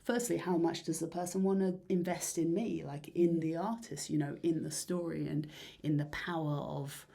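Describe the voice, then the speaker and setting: A woman musician talking casually in an interview, rambling and dreamy with many fillers and soft breathy asides. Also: sits low, steady tone, moderate pace. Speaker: musician guest.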